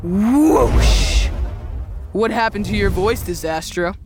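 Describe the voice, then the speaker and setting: A woman voicing a cocky young male superhero who insists on fighting alone, shouting out his own sound effects. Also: mid-range voice, expressive, takes it slowly, soft background music. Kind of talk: family audio drama acting.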